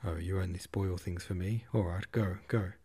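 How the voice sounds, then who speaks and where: A man reading the lines of a dreamy, excitable young girl in a storybook, with rapt enthusiasm. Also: low voice, normal speed, slightly rough. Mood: enraptured.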